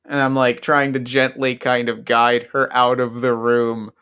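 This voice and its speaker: A man's voice: mid-range voice, little pitch movement, unhurried, pushed and bright, clean tone. A man playing a tabletop game, describing his character's actions casually and with hesitations. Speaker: player.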